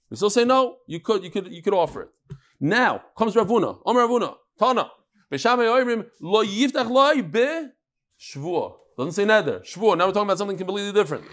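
A man teaching a Talmud class, telling stories and quoting Hebrew and Aramaic terms with lively repetition. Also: sits high, fast. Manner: lively, sprinkles Hebrew and Yiddish terms, repeats words. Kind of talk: animated Talmud class with storytelling.

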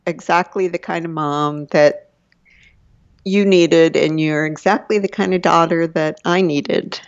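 Soft-spoken older woman, low voice. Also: steady tone, a little slow, dry recording. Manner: soft-spoken, hesitant, laughs often. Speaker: guest, the host's mother. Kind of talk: casual chat. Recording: dull lo-fi sound.

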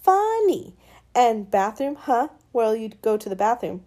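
A woman's voice: on the high side, normal speed, natural voice. A woman reading as a feisty bossy girl. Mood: taunting. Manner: taunting, scolding, sometimes yelling. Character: feisty bossy young girl, sharp-tongued. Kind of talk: audiobook character reading.

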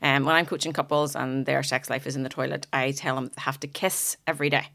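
A woman's voice: very deep voice, level tone, vocal fry, a bit bright. A woman who works as a sex and relationship coach, chatting casually and bawdily, teasing and laughing easily. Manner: bawdy, laughing, quick to tease. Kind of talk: casual podcast chat.

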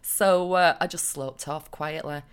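A woman's voice: sits low, steady tone, measured pace, smooth. A woman, co-hosting a podcast and telling stories in a chatty, laughing way. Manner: chatty storytelling with frequent laughter. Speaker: podcast co-host. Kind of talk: casual chat.

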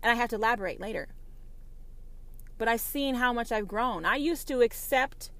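A woman's voice: fairly high pitch, moderate pace, pauses often, a bit bright. A woman who calls herself a prophetess delivers a confrontational, profane religious rant and hammers her points with repeated denials. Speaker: self-described prophetess. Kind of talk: impassioned religious rant to camera.

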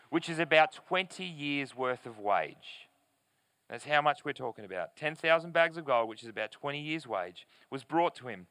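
Bright-voiced man preaching a sermon. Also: on the high side, expressive, clear, resonant tone, no room sound. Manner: earnest, emphatic preaching with deliberate pauses. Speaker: pastor. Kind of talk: sermon with scripture reading. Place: church service in front of a screen.

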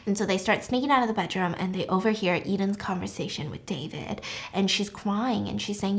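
A woman podcast host retelling a film plot in a chatty, animated way, moving between hushed and loud. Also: medium pitch, a little fast, hardly any pauses. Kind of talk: casual storytelling of a film plot.

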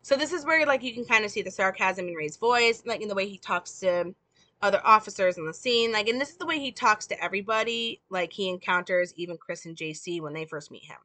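A woman's voice: mid-range voice, lively intonation, brisk, bright, forceful tone, no room sound. A woman casually reading and explaining a film script, with many fillers like "like" and "um". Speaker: presenter.

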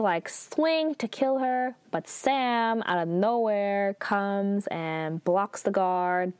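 A woman's voice: medium pitch, darkish tone, clear, resonant tone, dry recording. A young woman casually recapping a story, chatty and full of "like" fillers. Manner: chatty, heavy use of "like" fillers. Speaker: show recapper.

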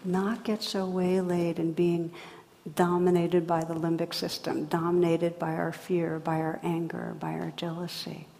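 A woman meditation teacher gives a dharma talk in a somewhat low voice, gentle and reflective. Her phrasing is unhurried and full of pauses. A long reverb trails behind her words in a large hall. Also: flat delivery, creaky.

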